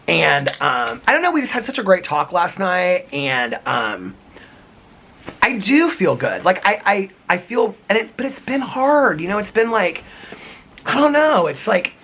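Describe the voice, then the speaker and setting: A man's voice: sits high, big pitch swings, a little slow, a bit bright, slightly rough. A man vlogging outdoors in the cold, talking to camera in an earnest, rambling way with lots of "like" and restarts. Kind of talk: casual reflective talk to camera.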